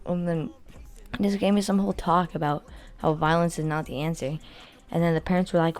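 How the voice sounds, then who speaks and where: A woman's voice: lowish voice, fairly even intonation, brisk, a little mellow. A teenage girl telling a story-time vlog in casual, rambling speech full of "like", blunt and boastful. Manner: rambling, filler-heavy with constant "like".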